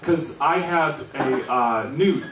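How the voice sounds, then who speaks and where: A man's voice: on the high side, takes it slowly. Wry storytelling man, echoey and distant. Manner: wry, conversational storyteller with frequent chuckles. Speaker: stand-up comedian. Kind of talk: stand-up storytelling. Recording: echoey, distant mic with noise.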